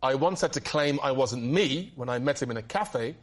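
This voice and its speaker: A man's voice: mid-range voice, lively intonation, normal speed. A man guesting on a comedy panel show, explaining his story hesitantly and defensively. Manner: defensive, hesitant under questioning.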